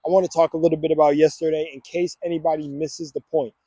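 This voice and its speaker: Energetic young man chanting affirmations. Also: a little high, fast, breathy edge, no room sound, studio quality. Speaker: vlogger. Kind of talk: casual motivational vlog with affirmations. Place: outdoors on a walk. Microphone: phone camera.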